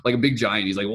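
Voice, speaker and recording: A man hosts a casual online laughter meditation, talking upbeat and rambling with plenty of "like" fillers. His voice sits a little low. He is heard over a video call. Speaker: host, laughter meditation facilitator. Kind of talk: casual online group session.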